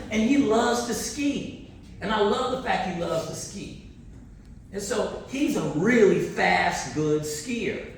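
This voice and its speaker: A man giving a keynote speech at a university conference, telling stories with animated energy, laughs and restarts. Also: high voice. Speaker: keynote speaker. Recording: echoey hall, distant mic, faint noise.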